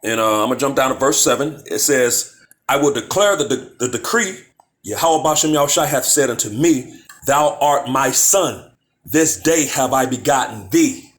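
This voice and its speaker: A man teaching from the Bible in a casual, conversational way, reading verses slowly and firing off rhetorical questions. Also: medium pitch, a bit bright. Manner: conversational, peppered with "man, you know"; reads verses slowly and deliberately. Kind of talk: informal scripture teaching.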